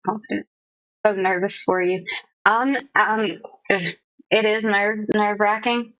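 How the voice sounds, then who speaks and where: A woman's voice: medium pitch, fairly even intonation, slow, no room sound. A woman streamer chatting casually with her viewers, self-mocking and a bit nervous, laughing often. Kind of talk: casual chat with live chat. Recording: dull lo-fi stream audio.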